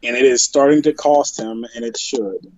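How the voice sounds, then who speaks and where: A man's voice: medium pitch, fairly even intonation, normal speed, darkish tone, no echo. Guy ranting on a wrestling podcast, blunt, kinda muffled lo-fi sound. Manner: blunt, opinionated, repeats himself when heated. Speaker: podcast co-host. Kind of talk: casual wrestling podcast chat.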